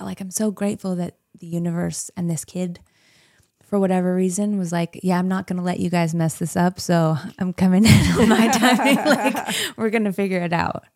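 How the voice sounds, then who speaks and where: Woman, 30s, guest; warm gravelly tone, chatty storyteller, dry close sound. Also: mid-range voice, no room sound. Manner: chatty storytelling with frequent laughs. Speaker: podcast guest. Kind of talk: casual interview chat.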